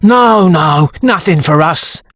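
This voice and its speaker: A woman's voice: fairly low pitch, expressive, slow pace, no echo, clean studio sound, voice pushed up. A woman reading an audiobook, voicing a stout, florid middle-aged man who talks hesitantly. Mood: awkward.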